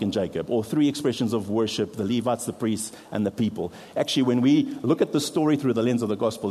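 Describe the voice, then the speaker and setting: A man's voice: mid-range voice, dark tone, slightly rough, big-room sound. A man preaching a sermon, explaining step by step with props and light self-deprecating asides. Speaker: pastor.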